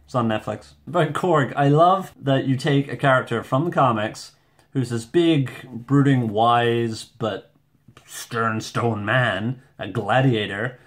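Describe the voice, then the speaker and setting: Excitable, rambling male movie vlogger. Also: slow pace. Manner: excitable, self-deprecating, rambling, with jumpy pitch. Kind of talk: casual rambling review. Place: home room with shelves.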